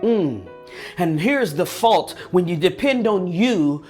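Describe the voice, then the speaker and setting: A man's voice: sits high, expressive, slow, soft background music. A man giving an earnest motivational talk with a preaching tone. He speaks straight to his listeners, repeating and restarting words as he goes. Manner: addresses listeners directly.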